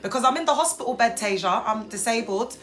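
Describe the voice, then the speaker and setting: A woman hosting a casual live stream from a hospital bed, chatting to viewers and reading their comments, animated and quick to break into high excited exclamations. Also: soft background music. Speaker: livestream host.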